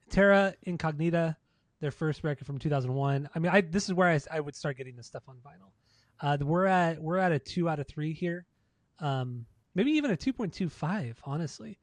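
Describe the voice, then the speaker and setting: A man's voice: a little high, no room sound. A man co-hosting a podcast in casual chat, laid-back, swearing freely and laughing often. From United States. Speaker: podcast co-host.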